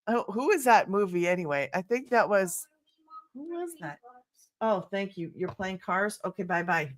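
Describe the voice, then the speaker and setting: Older woman as a livestream host: excitable, chatty, greets viewers by name, laughs easily. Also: mid-range voice, moderate pace. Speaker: livestream host selling online business programs. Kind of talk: casual livestream chat with viewers.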